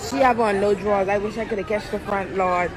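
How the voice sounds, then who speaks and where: A woman's voice: mid-range voice, fairly even intonation, fairly quick, crowd noise, low-quality recording. A woman filming a social media video, giving outraged, exclaiming running commentary in an airport. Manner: loud, indignant, exclaiming to the room. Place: busy airport.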